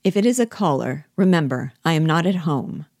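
A woman reading the part of a fond, patronizing husband in a play, in a calm, indulgent tone close to her own voice. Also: sits low, a little fast, no echo.

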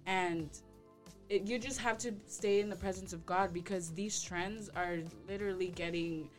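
Woman, low voice, thoughtful church-group speaker, faint music. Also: steady tone. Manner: thoughtful, pausing with fillers. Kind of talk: casual church group discussion.

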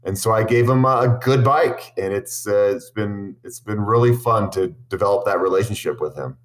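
A man's voice: fairly low pitch, normal speed. A man who makes cycling videos, answering interview questions with long, earnest, enthusiastic stories, full of restarts. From Boulder, Colorado. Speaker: cycling content creator.

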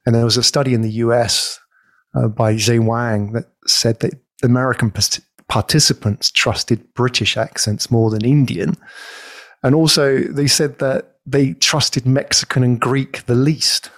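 A man hosts an interview, asking curious, friendly questions in an even middle voice. The sound is dry and close, with no room echo. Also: mid-range voice, measured pace. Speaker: interview host. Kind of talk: conversational interview.

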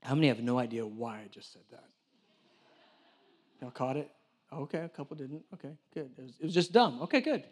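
A man of medium pitch preaches briskly but lets long pauses fall between his lines. As church director, he tells lively stories, acts out the dialogue, and jokes with the congregation.

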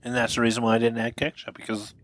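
A podcast co-host chatting casually about food, relaxed and quick to laugh, giving short replies. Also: mid-range voice, no room sound. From Canada. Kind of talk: casual food-tasting chat.

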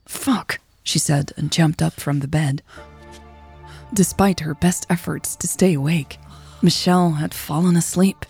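A woman narrating a story in a slow, measured way. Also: low-pitched, fairly even intonation, a little mellow, breathy edge, soft background music. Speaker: podcast storyteller.

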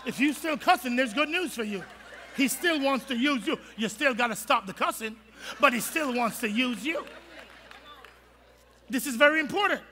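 High-voiced, bright, gravelly preacher. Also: male voice, moderate pace, some chatter behind, slight background noise. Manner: animated, humorous, colloquial preaching. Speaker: pastor. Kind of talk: sermon. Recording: long reverb of a large hall.

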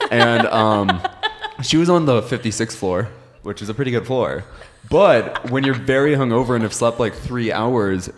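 A man's voice: mid-range voice, animated, measured pace, long reverb tail. A young man co-hosting a podcast in casual chat, telling a story in a dry, laid-back way. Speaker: podcast co-host.

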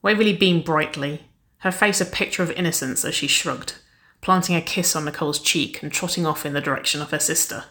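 A woman narrating a story aloud in a steady, even storytelling manner. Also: low voice, brisk. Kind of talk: audiobook reading of fan fiction.

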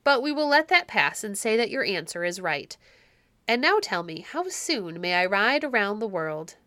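A proud medieval king barks orders and mocks his subject in a bright, forceful voice, as a woman reader puts him on. The sound is close and dry, with no room around it. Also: mid-range voice, sing-song, normal speed, no echo. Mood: amused. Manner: commanding, mocking. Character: domineering medieval king, male, scornful. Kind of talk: audiobook reading.

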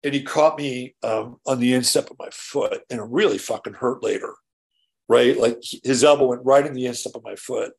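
Hosting his own show, a Californian man delivers a casual solo monologue in a gravelly, medium-pitched voice at a moderate pace. His story rambles, full of restarts, offhand swearing and tacked-on "right?"s.

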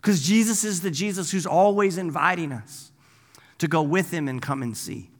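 A man giving a sermon in a casual, animated way, often breaking off with asides and acting out the people in the story. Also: a little high, moderate pace. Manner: casual, animated, acts out voices with asides and "right?". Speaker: pastor. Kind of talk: conversational sermon. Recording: long hall reverb.

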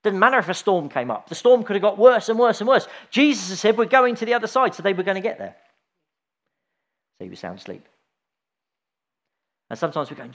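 A man's voice: very high voice, lively intonation, fast, a bit bright. A middle-aged man giving an informal sermon, chatty and anecdotal, with frequent restarts and asides. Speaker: preacher.

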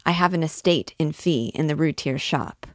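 A woman's voice: sits low, moderate pace, no room sound, clean studio sound, close to an everyday voice. A woman reading the lines of a rowdy, boastful young male student in a storybook reading, in a swaggering, mock-grand way.

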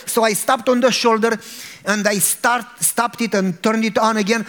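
During his sermon, a middle-aged pastor from Romania shares a humorous story from his own life at a normal speed. His voice is high, and he laughs while animatedly playing out how frustrated he was.

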